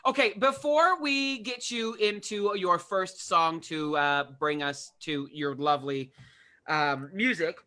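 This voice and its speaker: A man's voice: sits high, takes it slowly, sharp tone. A man hosting a casual talk show, asking rambling questions in a playful way and laughing often. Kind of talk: casual interview chat.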